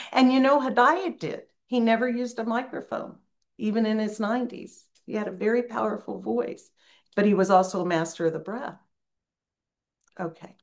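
An older woman, a spiritual teacher, reads a passage slowly and muses on it aloud in a reflective talk. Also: mid-range voice, fairly even intonation. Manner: slow, musing reading with asides and soft laughs.

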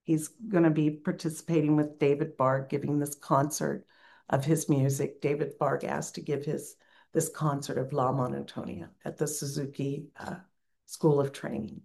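An older woman gives a reflective spiritual talk, reading slowly and pausing to muse. Her voice sits fairly low for a woman, and she breaks off now and then for quiet asides. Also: level tone, creaky. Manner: slow, musing reading with asides and soft laughs. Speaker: spiritual teacher.

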